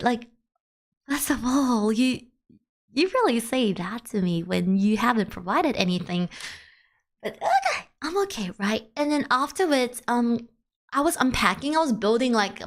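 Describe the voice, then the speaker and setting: Chatty higher-voiced woman streamer. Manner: rambling, animated, full of "like" and restarts. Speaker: VTuber streamer. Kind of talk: casual storytelling to a stream chat.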